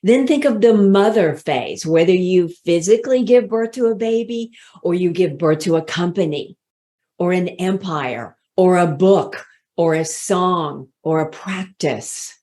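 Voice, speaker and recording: A woman voice coach gives a motivational talk on leadership in a somewhat low voice. She takes her time, stretching out key words for emphasis and letting each phrase settle before the next. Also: warm tone. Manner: slow, deliberate, with drawn-out emphatic words.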